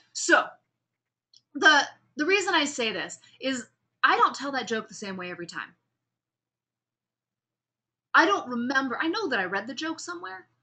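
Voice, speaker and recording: Upbeat instructor, woman, bright and slightly high voice, chatty lecture with restarts. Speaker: public speaking instructor. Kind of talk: recorded class lecture.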